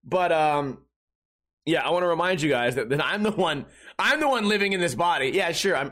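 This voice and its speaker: A man in his thirties with a rather high-pitched voice delivers a rambling podcast monologue. He is sarcastic and profane, with many restarts. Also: animated, fairly quick, fairly bright tone. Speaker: podcast host. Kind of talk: casual ranting monologue.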